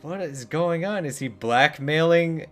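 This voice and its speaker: A man's voice: fairly high pitch, unhurried, a bit bright, faint music behind. A man streaming a game, commenting in a casual, wry and joking way.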